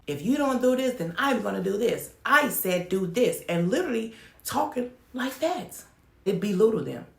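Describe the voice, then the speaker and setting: Gravelly, low-voiced woman telling it straight. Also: reverberant. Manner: frank, emphatic storytelling. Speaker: home child care provider. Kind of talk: candid talk-to-camera advice.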